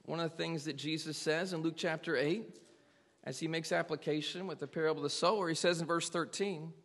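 A man's voice: fairly high pitch, steady tone, fairly quick, a bit bright. A male pastor preaching a sermon, speaking emphatically and putting rhetorical questions to his congregation. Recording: long reverb of a large hall.

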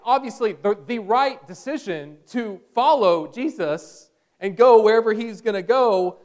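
A male pastor preaching a sermon in a conversational way, with bursts of energy. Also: sits high.

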